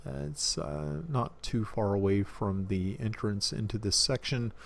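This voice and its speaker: A man narrating as dungeon master of a tabletop game, halting often with fillers and restarts. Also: fairly low pitch, vocal fry, a little hiss or hum.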